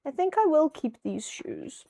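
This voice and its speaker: Slow-talking joking young woman streamer. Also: high-pitched, big pitch swings, creaky, dark tone. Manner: rambling, joking, self-deprecating. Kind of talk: casual live-stream chat.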